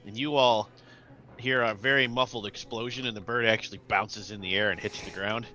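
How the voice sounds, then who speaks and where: A man's voice: on the low side, steady tone, brisk, bright, forceful tone, rough recording. A man narrating as game master of a tabletop role-playing game, telling the scene vividly and laughing along.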